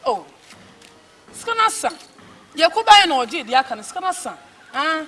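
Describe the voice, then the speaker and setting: A fretful woman, played by an actress in a comedy skit who keeps lamenting and exclaiming. Her high, bright voice swings up and down at a quick pace. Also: big pitch swings, slight background noise. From Ghana. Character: fretful woman wailing over lost money.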